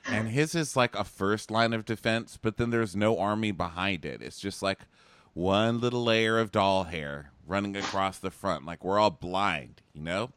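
A man co-hosting a casual comedic recap chat, talking in an animated, mocking way and jumping into squeaky impressions. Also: normal speed, smooth, no room sound. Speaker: podcast co-host.

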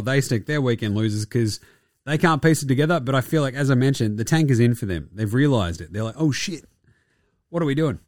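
A man's voice: mid-range voice, no room sound, clean studio sound. A young adult man hosting a casual basketball podcast, crude and sarcastic, swearing and laughing often. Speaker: podcast host.

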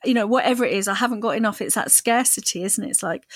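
A woman's voice: medium pitch, brisk, few pauses, no echo. A woman co-hosting a podcast, chatting casually and animatedly, with playful voices for quoted thoughts. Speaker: podcast co-host. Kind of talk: casual chat.

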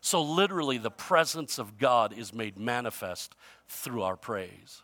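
Lively, bright-voiced male pastor preaching. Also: mid-range voice, a little slow. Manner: animated storyteller, swings between loud and hushed. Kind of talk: sermon with humorous storytelling.

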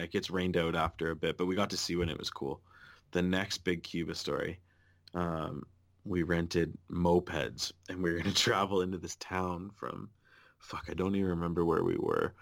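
A man co-hosting a podcast, casually telling a lively travel story and swearing often. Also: deep voice. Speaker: podcast co-host.

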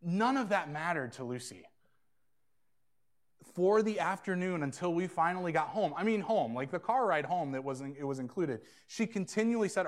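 Male pastor, 30s, slightly higher voice, earnest sermon delivery with hushed asides. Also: animated, brisk. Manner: earnest, swings between hushed and emphatic.

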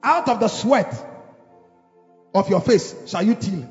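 A man preaching a fervent sermon to his congregation in a church hall, shouting declarations and calling for responses. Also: high voice, lively intonation, unhurried, soft background music. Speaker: pastor. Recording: echoey, slightly dull church hall recording.

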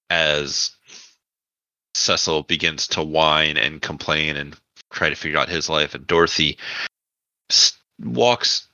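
Very deep-voiced male game master. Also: dry recording, lo-fi sound. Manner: relaxed, halting with fillers. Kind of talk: narrating a tabletop role-playing game.

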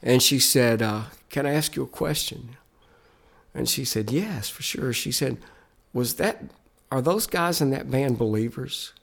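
Gravelly earnest man telling stories. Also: medium pitch, unhurried, a bit bright. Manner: earnest, emphatic preaching cadence. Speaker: Christian musician guest. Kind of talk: storytelling in a podcast interview.

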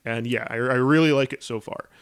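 A man talking casually about games in an easygoing, rambling way. He starts sentences over and fills the gaps with filler words. His pitch sits in the middle range and he livens up as he goes. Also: brisk, clear, resonant tone. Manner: rambling, lots of filler words and restarts, animated.

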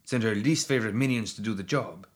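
A man's voice: on the low side, fast talker, husky. A man voicing a crude, short-tempered male hybrid fighter who snaps and swears. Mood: gruff. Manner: snapping, profane.

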